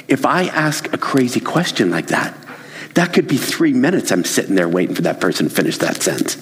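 A man's voice: medium pitch, brisk, slightly rough, long reverb tail. A man giving a casual talk on workplace communication, acting out little scenes and laughing along the way. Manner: animated, acts out little scenes with raised voices and laughs. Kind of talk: casual talk with acted-out examples.

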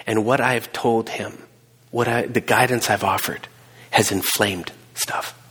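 A middle-aged man preaching a sermon, telling a personal story with emphatic swings between hushed and raised delivery. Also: lowish voice, fairly even intonation, unhurried, husky. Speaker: pastor. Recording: long hall reverb.

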